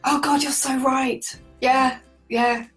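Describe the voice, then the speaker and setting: A chatty, animated woman telling stories as an interview guest, laughing often. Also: sits high, slow, distant mic, faint music behind, rough recording. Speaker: guest, solo cyclist. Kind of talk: conversational interview storytelling.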